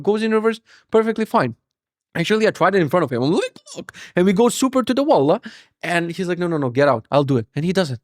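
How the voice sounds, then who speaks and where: A man's voice: fairly high pitch, no echo, studio quality. A young man hosting a podcast, telling a story casually, swearing a lot and acting out voices. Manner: swears a lot, animated, acts out voices for laughs. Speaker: podcast host.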